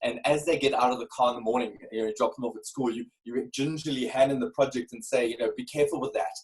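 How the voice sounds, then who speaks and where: As a podcast guest, a keynote speaker in his forties shares an honest personal story, earnest and animated, frequently repeating words as he begins a phrase. His mid-range voice moves at a quick pace, and the audio quality is poor.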